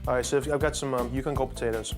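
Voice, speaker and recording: A man's voice: mid-range voice, fairly even intonation, very fast. A man cooking and explaining in a laid-back, chatty demonstration. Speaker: chef. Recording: music under voice.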